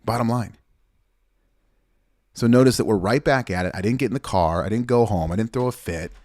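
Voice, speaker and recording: A man's voice: lowish voice, brisk, a little mellow, dry recording, studio quality. Fired-up blunt male weightlifting coach. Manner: blunt, fired-up, swears and repeats himself. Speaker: weightlifting coach commenting on his training video. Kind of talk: casual video commentary.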